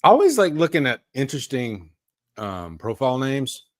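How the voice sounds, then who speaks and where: A man's voice: mid-range voice, sing-song, moderate pace. A man hosting a live horror news stream, chatting casually and laughing often. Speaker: podcast host.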